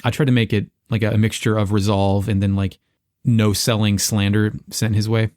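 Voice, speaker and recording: A male podcast co-host in casual chat, with a lowish voice recorded dry and close. He talks in a relaxed, rambling way. He drops the odd swear word. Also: moderate pace, dry recording.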